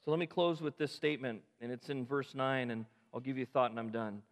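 Male pastor mid-sermon, fervent, swinging between loud peaks and hushed asides, long church reverb. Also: mid-range voice, steady tone, fast. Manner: impassioned, rising to emphatic peaks and dropping to quiet asides. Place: church sanctuary.

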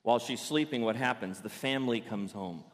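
A man's voice: medium pitch, a little fast. Playful preacher man in a reverberant church. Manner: playful, animated storytelling preacher. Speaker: pastor. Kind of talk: sermon. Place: church sanctuary.

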